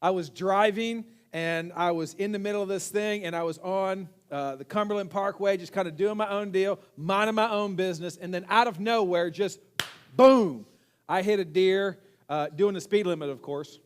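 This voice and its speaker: Male pastor, high voice, animated storytelling, joking, conversational sermon. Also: normal speed, smooth. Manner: casual, animated storytelling with self-deprecating humor. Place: church sanctuary.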